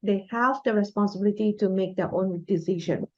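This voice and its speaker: A woman's voice: medium pitch, fairly quick, a little mellow, dry recording. A woman co-hosting a podcast in a casual book discussion, steadily guiding the talk from topic to topic. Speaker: podcast co-host. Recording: dull lo-fi dry sound.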